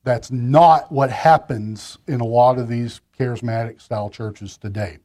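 Male pastor, mid-pitched voice, casual and chatty sermon delivery with asides. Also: steady tone, unhurried, darkish tone. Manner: conversational preaching with frequent restarts and asides.

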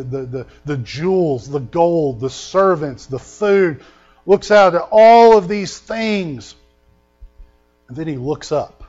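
A man preaching a sermon, telling stories and reading scripture with loud emphasis. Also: mid-range voice, highs cut off. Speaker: pastor.

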